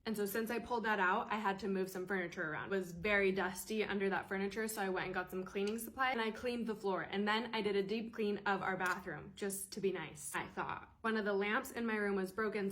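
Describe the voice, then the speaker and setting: A woman in her late twenties tells a story straight to camera, quick and animated. Her voice is a plain mid pitch, and her telling carries steady exasperation. The talk is loose and chatty. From United States. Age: late 20s. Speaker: storyteller vlogger. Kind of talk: casual storytime.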